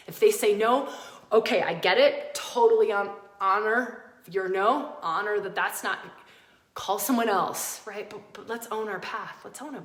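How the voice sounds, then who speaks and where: A woman's voice: mid-range voice, moderate pace, roomy sound. A woman hosting a podcast, giving a passionate, emphatic spiritual teaching talk and repeating phrases for emphasis. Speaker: podcast host.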